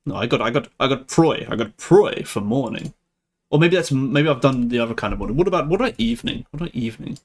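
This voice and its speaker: Talking fast in a sing-song, mid-range voice, a young livestreamer chats casually with his audience. He often laughs and begins his sentences anew.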